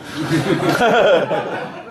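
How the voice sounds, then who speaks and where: An older man does a stand-up comedy set in a small underground club, mocking himself and laughing along at his own jokes. His voice is a little high and swings widely in pitch. It is picked up from a distance in a very echoey room, with a steady hum of noise behind it. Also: very slow. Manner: self-mocking, chuckles at his own lines. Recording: echoey club mic, heard from far. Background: audience laughter.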